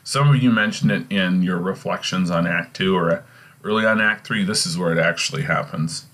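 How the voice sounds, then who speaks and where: A man's voice: sits low, normal speed, fairly bright tone. A male teacher casually reading and explaining a play in a recorded lesson, often checking in with "okay?". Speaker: English teacher.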